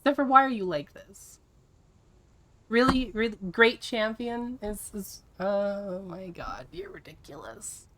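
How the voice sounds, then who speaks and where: A woman streaming a video game, chatting casually with her viewers in an exasperated, teasing way and quick to laugh. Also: medium pitch, lively intonation, fairly bright tone.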